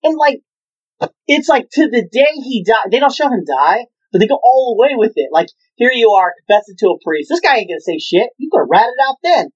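A man's voice: extremely high pitch, big pitch swings, a little fast, highs cut off. A man in casual movie chat, rambling and swearing freely as he retells scenes with energy.

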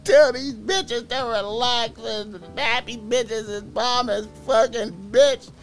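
A man putting on the voice of an excited female store clerk who gushes and shouts like a fan. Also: very high voice, slow pace, soft background music, voice pushed up, full character voice. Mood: gushing, excited. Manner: squealing, shouting, gushing.

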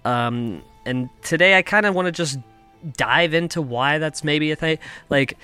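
A man's voice: on the high side, a little slow, sharp tone, clean tone, soft background music. A young adult man from Kansas hosting a comedy podcast from his basement, rambling through a profane, self-mocking monologue. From United States (Kansas). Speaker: podcast host. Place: home basement.

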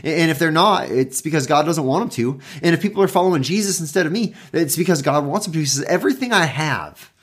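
A man's voice: a little high, animated, fast, few pauses, husky. A man who is a pastor, giving a conversational devotional Bible talk and often restarting and rephrasing his points with emphasis.

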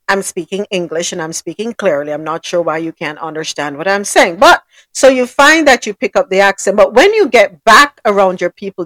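Woman, podcast host, animated pitch, dry close mic. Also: no echo. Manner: animated, rises sharply when questioning. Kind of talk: casual news recap and chat.

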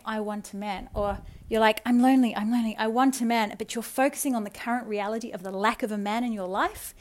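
A woman hosting a spiritual self-help podcast, speaking in a soft, earnest, coaxing way and slowing down for affirmations. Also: a little high. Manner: addresses listener affectionately. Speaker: podcast host.

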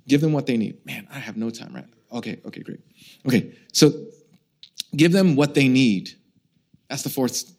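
A middle-aged man preaching a sermon as a pastor, with humorous, animated storytelling, self-mocking asides and questions to the congregation. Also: medium pitch, moderate pace, pauses often. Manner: conversational, asks the congregation questions.

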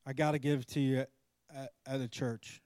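A middle-aged man preaching with a storyteller's flair, acting out every voice in his anecdote. His voice sits at a middle pitch and swings between hushed asides and sudden loud bursts. The recording is close and dry, with no room around it. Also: a little fast, no room sound. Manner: animated storyteller, acts out both sides of dialogue. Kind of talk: storytelling sermon.

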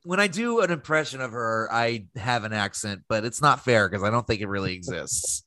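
A man's voice: lowish voice, expressive, a little fast, sharp tone, no echo. A man co-hosting a podcast, telling stories in a giggly casual way with lots of laughing. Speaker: podcast co-host. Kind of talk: casual chat.

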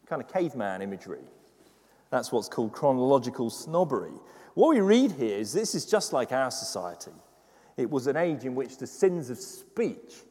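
Male pastor, lively pitch, fervent sermon delivery, reverberant church hall. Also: slightly rough. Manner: rises from quiet musing to loud fervent preaching.

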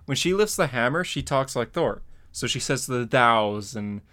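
Male podcast host, mid pitch, loose rambling delivery with fillers. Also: lively intonation, moderate pace, pushed and bright. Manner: rambling, lots of fillers and laughs. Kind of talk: casual chat.

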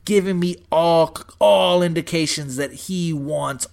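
A young man telling a story in casual chat, animated and profane, saying "dude" and "bro" constantly. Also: fairly high pitch, unhurried, vocal fry.

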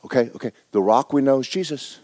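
A fast-talking pastor preaches to his congregation, reading scripture aloud and acting it out. He quizzes the crowd with questions and alternates soft asides with loud exclamations.

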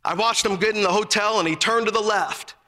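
A male preacher delivering a fervent sermon, telling stories and breaking into emphatic shouts. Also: high-pitched, fairly quick, long reverb tail.

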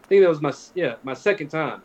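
A man's voice: a little high, lively intonation, fast, a little mellow, lo-fi sound. A man in his forties, co-hosting a casual podcast and telling rambling, profane anecdotes while acting out what other people said. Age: 40s. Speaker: podcast co-host. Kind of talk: casual storytelling.

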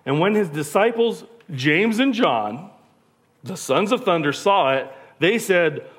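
A pastor, preaching a conversational sermon full of rhetorical questions. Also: male voice, sits high, animated, slow pace.

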